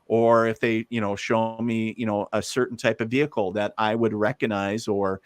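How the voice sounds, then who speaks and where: A man's voice: on the low side, little pitch movement, moderate pace, dry recording, clean studio sound. A man, a guest medium, telling stories in a casual, rambling way with lots of fillers. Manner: rambling, many fillers, laughs easily. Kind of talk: casual storytelling.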